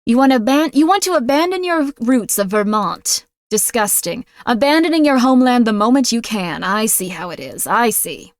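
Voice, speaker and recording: A woman playfully voicing a stern, domineering female taskmaster who mock-yells orders at her audience. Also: on the high side, animated, moderate pace, few pauses, no echo. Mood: scornful. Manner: mock-yelling, imperious scolding. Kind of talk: playful role-play on a livestream.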